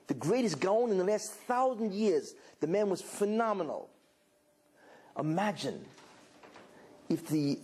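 A man giving a sermon as a rabbi, telling a story with animated delivery and many rhetorical questions. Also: mid-range voice, slightly rough. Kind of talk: sermon to a live audience.

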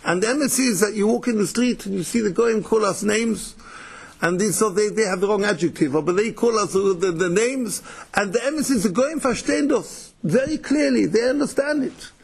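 A man's voice: sits high, normal speed, gravelly, slightly rough. A man giving a Torah lecture, mixing Yiddish and Hebrew terms, often repeating words and restarting. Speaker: Torah teacher.

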